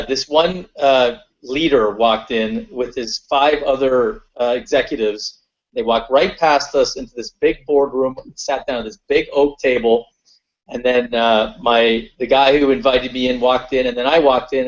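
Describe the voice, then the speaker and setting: A mid-pitched male voice tells a personal story on a webinar panel, loose and conversational. He often pauses on fillers and restarts his sentences. The audio is dull and lo-fi, like a compressed webinar stream. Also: steady tone. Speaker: webinar panelist and corporate consultant.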